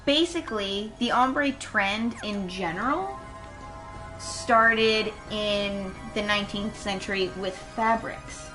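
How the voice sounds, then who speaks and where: Young woman co-host, slow and unhurried, casual thinking-aloud chat over clear game music. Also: mid-range voice, low-quality recording. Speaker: co-player on a game stream.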